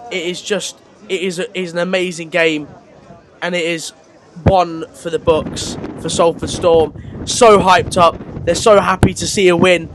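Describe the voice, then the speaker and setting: Male co-commentator, fairly high voice, gushing excitement. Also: unhurried, some chatter behind. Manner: excited, repetitive. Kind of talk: sports commentary.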